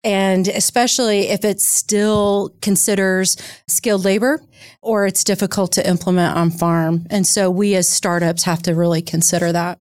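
A woman at a mid-range pitch, talking as an interview guest in a fluent, explanatory way, often searching for the next phrase. Her voice is close and dry, with hardly any room echo. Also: fairly even intonation, normal speed, darkish tone. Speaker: guest, startup co-founder and CEO. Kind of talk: conversational interview answers.

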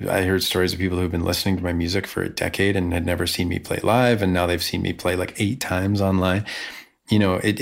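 Deep gravelly-voiced man telling a story. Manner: animated, talks fast with many fillers and restarts. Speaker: musician. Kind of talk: casual conversational storytelling.

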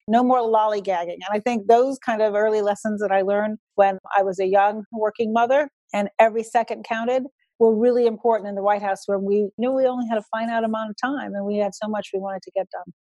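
An older woman, a guest in an interview, speaking in a measured, storytelling way. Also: medium pitch, fairly even intonation, warm tone, no room sound. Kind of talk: conversational interview.

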